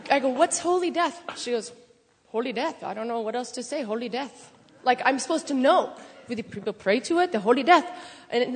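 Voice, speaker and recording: A woman excitedly telling a testimony story in church, laughing and shouting at times. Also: on the high side. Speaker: church member sharing a testimony. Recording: long hall reverb.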